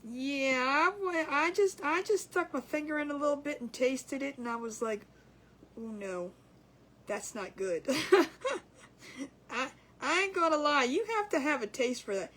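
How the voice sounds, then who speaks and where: A woman's voice: sits high, measured pace, a bit bright. A woman hosting a casual craft livestream, chatty and giggly, rambling with restarts as she works.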